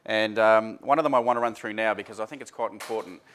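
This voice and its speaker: A man with a fairly low voice runs a workshop in front of a live audience. He talks casually and informally, often filling pauses with "uh" and restarting his sentences. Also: a bit bright. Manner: chatty, informal, many fillers and restarts. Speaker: seminar presenter.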